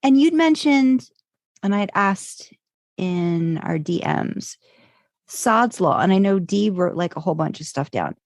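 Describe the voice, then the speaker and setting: A woman's voice: mid-range voice, animated, measured pace, no echo, studio quality. A woman co-hosting a podcast, chatting casually, laughing often and acting out what others said. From United States. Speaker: podcast co-host. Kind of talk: casual chat.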